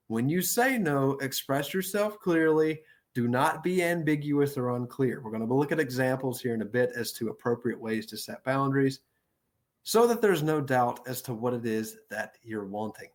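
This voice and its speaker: Male counselor leading a workshop talk; steady, assertive and deliberate, mid-range voice. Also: medium pitch. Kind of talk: instructional talk on boundaries.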